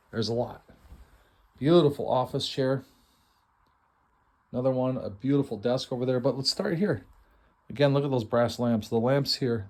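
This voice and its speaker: A man's voice: mid-range voice, a little mellow. A middle-aged man hosting a casual, enthusiastic walkthrough of a house before an estate sale, chatty and self-deprecating. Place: inside a house, walking through rooms.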